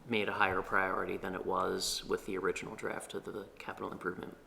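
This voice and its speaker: A man on town staff giving a measured, hesitant meeting report in a meeting room, with many pauses. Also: sits low, level tone, creaky, pushed and bright, slight background noise.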